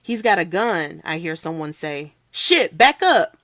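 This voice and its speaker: A woman's voice: low voice, normal speed, dry recording. Woman narrating as Brian Trellis, a brash tough guy. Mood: tense. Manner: brash, swaggering first-person storytelling. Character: big tough-talking man recounting a confrontation. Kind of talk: read-aloud novel.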